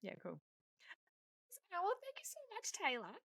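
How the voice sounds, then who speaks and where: Woman podcast co-host; bright, bubbly, chatty. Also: high voice, wildly swooping pitch, moderate pace, vocal fry, husky. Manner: bubbly, exclaims a lot. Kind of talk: casual chat.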